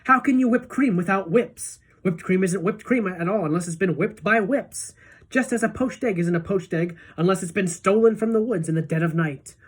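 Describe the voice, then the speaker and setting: A woman voicing an excitable, eccentric male candy maker in a storybook reading, with loud, eager, bossy exclamations. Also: on the low side, a little fast, breathy edge. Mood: brisk, excited.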